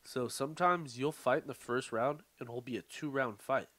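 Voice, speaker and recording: A man's voice: medium pitch, moderate pace, bright, forceful tone, no echo. A man co-hosting a podcast, chatting casually in a laid-back, profane way and laughing often. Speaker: podcast co-host. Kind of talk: casual chat.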